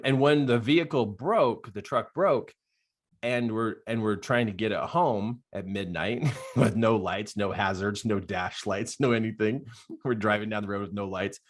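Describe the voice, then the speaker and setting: An older man, a life coach, telling stories in an animated podcast monologue and laughing often. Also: on the low side.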